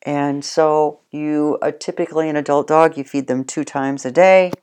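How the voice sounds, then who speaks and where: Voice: medium pitch, fairly even intonation, moderate pace, a little mellow, clear, resonant tone. A dog trainer giving casual spoken instruction, plain-spoken and addressing the listener directly.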